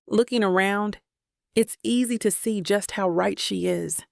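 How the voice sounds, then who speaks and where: A woman narrating a first-person romance audiobook in an even, steady reading voice. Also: medium pitch, measured pace, vocal fry, no room sound, clean studio sound.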